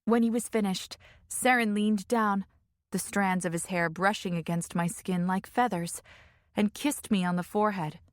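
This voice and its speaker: A woman's voice: mid-range voice, steady tone, no echo. Woman narrating an audiobook, dry and close. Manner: measured, emotive storytelling. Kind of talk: scripted first-person audiobook narration.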